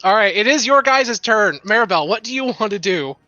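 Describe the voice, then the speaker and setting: Lively game master narrating gore. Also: mid-range voice, fairly quick, no echo, muffled recording, soft background music. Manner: vivid, profane narration with laughs.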